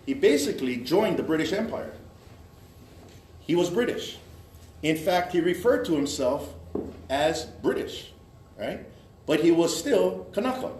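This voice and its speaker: A man's voice: fairly high pitch, a little mellow. A man giving a history lecture to a live audience, explaining step by step and often checking in with "right?" and "okay?". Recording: echoey room with faint noise.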